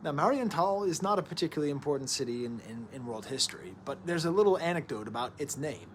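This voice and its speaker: A man in his thirties, talking through an album at home in an animated, rambling way with joking asides. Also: on the high side, fast, slight background noise. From United States. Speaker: record reviewer. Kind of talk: casual music analysis to camera.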